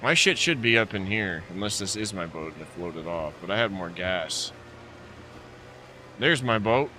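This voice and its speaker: Low-voiced, bright-toned joking game streamer man. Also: animated, normal speed, a little hiss or hum. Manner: rambling, joking self-talk. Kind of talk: casual gameplay commentary.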